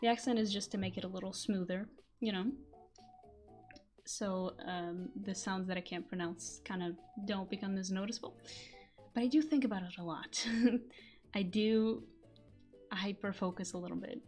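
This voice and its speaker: A woman voice actor chatting casually on a live stream in accented English, giggling and self-deprecating, recorded on a quiet desk mic. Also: mid-range voice, steady tone, normal speed, pauses often, faint music behind. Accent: non-native English accent.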